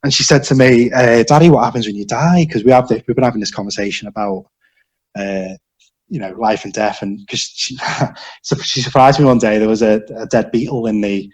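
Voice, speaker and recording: Halting British man in his forties. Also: lowish voice, rough recording. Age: 40s. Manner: halting, with many restarts and fillers. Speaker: podcast guest. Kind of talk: casual interview chat.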